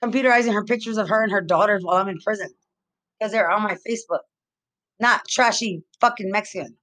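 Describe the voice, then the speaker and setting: A woman's voice: medium pitch, fast, fairly bright tone. A woman from Texas delivering an angry, rambling monologue full of repeated accusations and profanity. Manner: agitated, accusatory, repetitive, profane.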